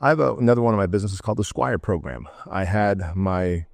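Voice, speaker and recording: A middle-aged man from the former Soviet Union, a podcast guest telling stories in a blunt, energetic, slangy way and acting out what people said. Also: deep voice, fast, vocal fry, no echo. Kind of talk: casual podcast interview storytelling.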